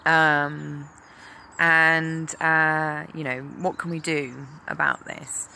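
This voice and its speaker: A woman's voice: low-pitched, level tone, very slow, vocal fry, sharp tone, a little hiss or hum. A woman from England telling her own story as a mother, candid and full of ums. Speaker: mother sharing her cancer experience. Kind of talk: personal talk to camera.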